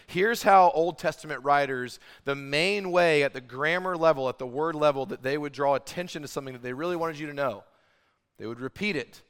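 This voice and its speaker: A man preaching a sermon, speaking emphatically, building to loud peaks and then dropping low. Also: clear, resonant tone, long reverb tail. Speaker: pastor.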